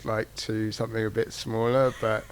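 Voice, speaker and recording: A man in a band answering interview questions in a relaxed, hesitant way, full of fillers. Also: fairly low pitch, moderate pace, noisy background. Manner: hesitant, relaxed, lots of likes. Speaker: band member. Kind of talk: casual interview chat.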